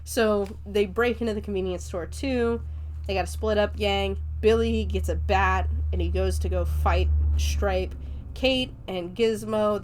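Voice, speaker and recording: A woman's voice: mid-range voice, a little mellow, slight background noise. A young woman hosting a podcast, chattily recapping a movie with lots of fillers and casual swearing. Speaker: podcast host.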